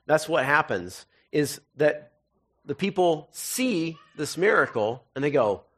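A man's voice: fairly high pitch, sing-song, slow pace, a bit bright. A man giving a sermon as pastor, reading scripture and then breaking into jokey, conversational asides.

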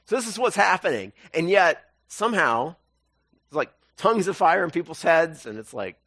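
A male pastor preaching, who reads scripture and then retells it as an animated story full of voices. His pitch swings widely as he talks. The sound is dry and close, with no room echo. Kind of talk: sermon.

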